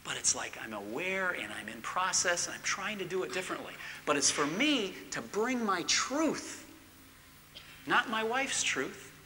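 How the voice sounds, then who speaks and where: A middle-aged man giving a church teaching talk, swinging from loud emphatic bursts to hushed near-whispers. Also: high-pitched, sing-song, a little slow, slight background noise. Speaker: marriage course speaker. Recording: long reverb in a large hall.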